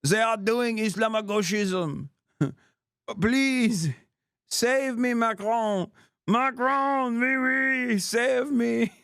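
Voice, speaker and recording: A man voicing a self-pitying French Zionist man in an exaggerated mock French accent, high, strained and melodramatic. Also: very slow, vocal fry, a bit bright, clean tone, no room sound, studio quality, heavily acted. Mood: whining.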